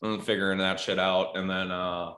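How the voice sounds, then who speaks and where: A bright, forceful male voice tells loose, profane stories in a casual podcast chat. He is a comedian guest and often breaks into loud, high acted quotes. The room sounds echoey. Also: flat delivery, moderate pace.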